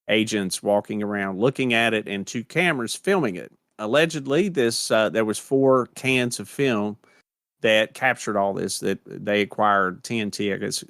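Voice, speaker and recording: A man's voice: lowish voice, fairly bright tone, dry recording, clean studio sound. An American man co-hosting a podcast, chatting casually in a rambling, conversational way with plenty of fillers. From United States. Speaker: podcast co-host.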